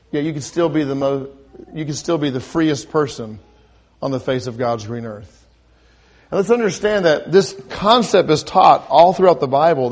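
This sermon comes from a man whose voice sits on the high side with a touch of mellowness. He questions the congregation, rises to emphatic climaxes, and keeps restarting and repeating words.

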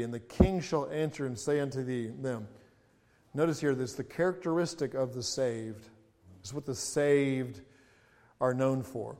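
A man's voice: medium pitch, moderate pace, mellow. A man preaching a sermon as pastor, reading scripture aloud with rising emphasis and breaking into chatty, humorous asides. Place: church sanctuary. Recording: reverberant church hall.

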